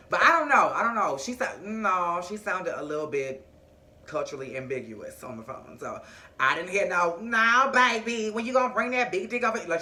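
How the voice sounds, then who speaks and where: A man with a high voice recaps a TV episode for his vlog. He talks in a sassy, chatty way and keeps drifting into playful asides. His tone is bright and sharp. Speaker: TV recap vlogger.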